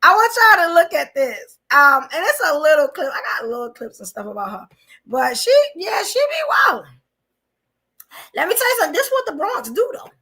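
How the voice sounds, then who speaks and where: A woman from New hosts a live podcast. Her voice sits very high and sounds bright and forceful. She comments bluntly and animatedly, laughing often. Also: very animated, quick pace. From New York. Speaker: podcast host.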